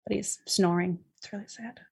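Husky-voiced woman, chatty recap. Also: mid-range voice, fairly even intonation, normal speed, darkish tone. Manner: chatty, filler-heavy, swears freely. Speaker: podcast host recapping a book. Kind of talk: casual chat.

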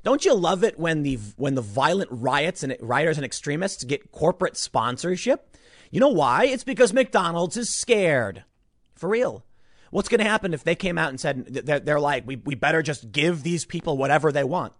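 A young male commentator rants through an opinion monologue, emphatic and prone to repeating himself. His voice sits a touch high and swings widely in pitch. The sound is dry and close, with no room around it. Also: very animated, moderate pace, no room sound. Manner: emphatic, ranting, repeats words. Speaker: political commentator.

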